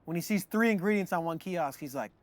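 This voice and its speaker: A man's voice: sits high, fast talker, no room sound. A man telling tall tales casually, with lots of fillers, acting out the people in his stories. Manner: animated, acts out voices in his stories; frequent fillers like "like". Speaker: storyteller host.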